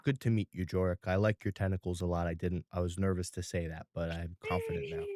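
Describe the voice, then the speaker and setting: A man's voice: low voice, wildly swooping pitch, fast, darkish tone, no room sound, studio quality. A man voicing a shy, sweet little boy in a tabletop game, speaking hesitantly with many ums.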